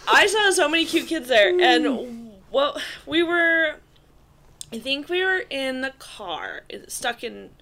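Giggly, slow-talking woman telling stories. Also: sits high, big pitch swings, sharp tone. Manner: giggly storyteller, laughs through her anecdotes. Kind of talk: casual chat.

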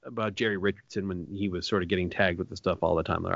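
A man's voice: deep voice, steady tone, fast, gravelly, no echo, dull audio. Hesitant man musing on a podcast. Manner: musing, hesitant, many fillers. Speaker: podcast co-host. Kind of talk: casual sports betting chat.

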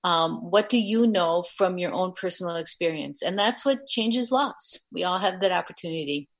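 A woman's voice: lowish voice, moderate pace. A woman farmer and author, speaking earnestly and with passion as a guest on a radio talk show. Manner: earnest, impassioned. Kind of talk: radio interview.

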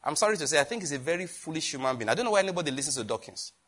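A man preaching a sermon, lively, with laughter and questions thrown to the congregation. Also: a little high, rapid-fire. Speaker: pastor.

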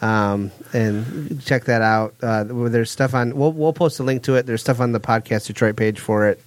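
A man's voice: medium pitch, moderate pace, no room sound. A man hosting a wrestling podcast, chatting casually and rambling through the sign-off with lots of fillers. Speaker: podcast host. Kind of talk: casual chat.

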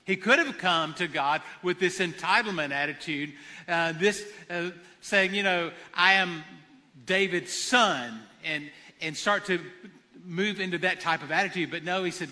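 A man preaches a sermon in an earnest way, circling back to key phrases to press them home. His voice sits high and sounds very bright and forceful. The sound trails off in the long reverb of a church hall. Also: a little slow. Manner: earnest, repeats phrases for emphasis. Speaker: pastor.

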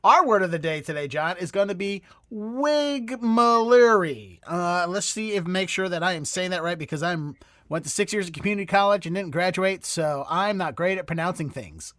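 A man's voice: sits high, animated, normal speed, fairly bright tone, no echo, clean studio sound. A man with a Boston accent hosting a casual comedy podcast. He rambles and stumbles over words. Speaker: podcast host.

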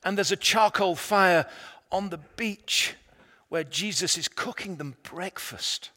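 A man preaching a sermon, retelling a story dramatically and swinging between loud, emphatic lines and hushed, quiet ones. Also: high-pitched, slow pace. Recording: long reverb of a large hall.

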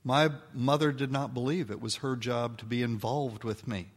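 An older man giving a folksy, animated talk to an audience of mothers, acting out the voices in his stories. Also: mid-range voice, normal speed. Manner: folksy, animated storytelling, acts out quoted voices. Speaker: speaker addressing an audience of mothers. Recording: long hall reverb.

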